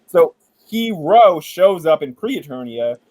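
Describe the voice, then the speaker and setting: A man hosting a casual entertainment chat, retelling a backstory in an animated, joking way and swearing casually. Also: fairly high pitch, slow pace, dry recording, poor audio. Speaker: podcast host.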